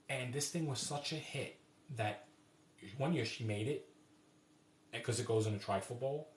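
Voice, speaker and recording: Speaking in a mid-range voice, this man takes his time and pauses often as he hosts a laid-back cooking live stream. His warm, rambling stories keep restarting, all captured in an echoey, spacious room.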